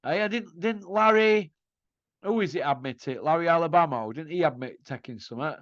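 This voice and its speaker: A man's voice: on the high side, brisk, a bit bright, no echo. A man hosting a boxing show, ranting in a mocking, combative way and firing off rhetorical questions. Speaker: boxing commentary host. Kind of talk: ranting opinion monologue. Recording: dull lo-fi dry sound.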